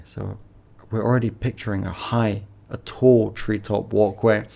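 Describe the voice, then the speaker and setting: A man's voice: lowish voice, flat delivery, measured pace, gravelly, dark tone. A man teaching IELTS speaking, encouraging as he explains phrases and models model answers. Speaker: English teacher.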